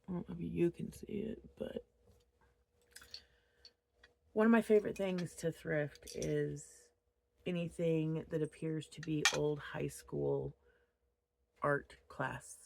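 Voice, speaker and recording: A woman in her thirties talks casually to her camera from a home office, rambling from one thought to the next. Her voice sits on the low side with a gravelly, creaky texture, and she sounds openly upset. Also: flat delivery, takes it slowly, pauses often, a little mellow, a little hiss or hum. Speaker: crochet vlogger.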